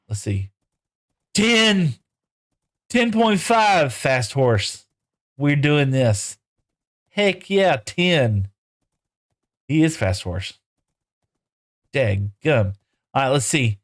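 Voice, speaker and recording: A man streams a game live, with a middle-pitched, easygoing voice. He rambles casually, answers viewers' messages out loud and coos at the animals in goofy broken baby-talk. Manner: answers chat messages aloud while playing.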